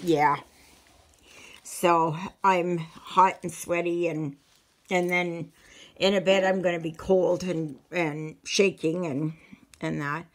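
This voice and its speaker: A woman chatting casually to her viewers, a little out of breath, rambling with halting restarts. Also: on the low side, fairly even intonation. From Canada. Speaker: stitching vlogger. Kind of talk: casual chat.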